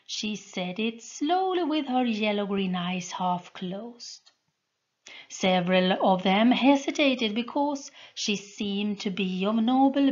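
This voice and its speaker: A woman narrates a fantasy novel chapter by chapter, reading slowly and with care. Her voice sits in a middling pitch and never hurries. The recording sounds dull and lo-fi. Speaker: audiobook reader. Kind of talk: storybook reading.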